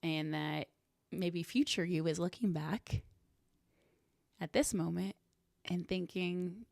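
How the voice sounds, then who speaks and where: A young woman hosting a solo podcast, talking earnestly and reflectively, with soft laughs now and then. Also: lowish voice, takes it slowly, creaky, pauses often, dry recording, studio quality. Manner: earnest, warm, self-reflective, laughs softly. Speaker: podcast host.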